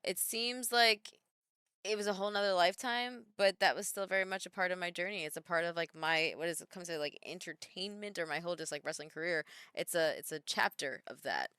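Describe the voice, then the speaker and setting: A woman in her thirties chats on a live stream, answering viewer comments as they come in. Her voice sits a little low yet sounds bright and crisp. The sound is close and dry, with no room around it. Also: a little fast, no echo. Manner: chatty, reads viewer comments aloud and answers them. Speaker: streamer and wrestler. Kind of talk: casual live-stream chat.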